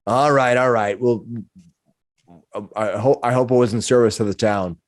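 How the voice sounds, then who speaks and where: A man narrating as game master of a tabletop game, talking in halting bursts with many restarts. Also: mid-range voice, steady tone, no echo, clean studio sound.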